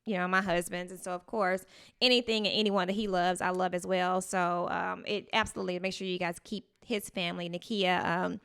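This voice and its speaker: A woman's voice: on the low side, brisk, gravelly, smooth. A woman co-hosting a podcast, telling a story in casual chat and acting out the people in it. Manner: storytelling, animated retelling with quoted voices. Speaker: podcast co-host.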